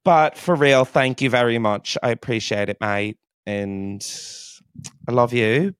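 A man's voice: mid-range voice, unhurried, clean tone, no echo, clean studio sound. A man hosting a casual podcast from his basement, emotional, giggly and casually swearing. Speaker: podcast host.

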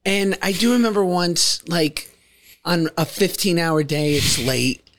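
A man's voice: fairly high pitch, a little slow, a bit bright, slight background noise. A man in his thirties, a guest on a podcast, chatting casually and playfully with jokes. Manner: playful, joking. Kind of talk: casual chat.

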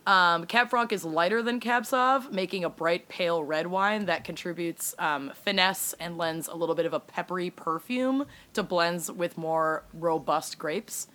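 A woman's voice: fairly low pitch, measured pace, hardly any pauses, fairly bright tone. A woman co-hosting a casual podcast, chatty and laughing often, with the odd swear. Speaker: podcast co-host.

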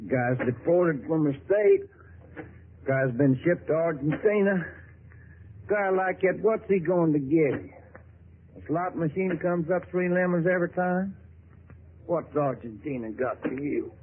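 A man's voice: fairly high pitch, measured pace, slight background noise, close to an everyday voice. A man playing a drawling fixer. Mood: wheedling. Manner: folksy drawl, wheedling. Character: smooth-talking Southern middleman, called Dixie. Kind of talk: 1950s radio drama acting. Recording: tinny lo-fi old radio broadcast.

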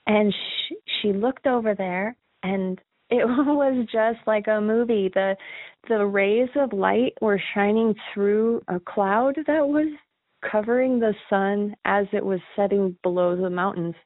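A woman's voice: medium pitch, steady tone, a little slow, dry recording. Woman, caller, earnest ghost story, nervous laughs, phone-line sound. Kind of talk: emotional personal storytelling. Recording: tinny phone line, dry.

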